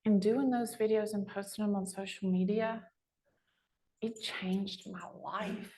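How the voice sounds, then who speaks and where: A woman, a real estate agent giving a chatty, animated storytelling talk to a live audience. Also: medium pitch, a little slow. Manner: chatty, animated storyteller with lively quoted voices.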